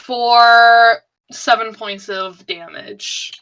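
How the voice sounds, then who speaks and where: A woman's voice: fairly high pitch, fairly even intonation, very slow, background noise. A woman playing a tabletop game, stating her character's attacks in a plain, matter-of-fact way. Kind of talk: declaring moves in a tabletop game.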